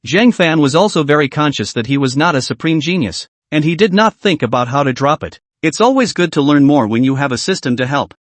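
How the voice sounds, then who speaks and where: A man narrating a story recap with a lively voice that swings up and down, pitched a little high for a man. The sound is dry and close, with no room echo. He reads in an animated way. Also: brisk, hardly any pauses.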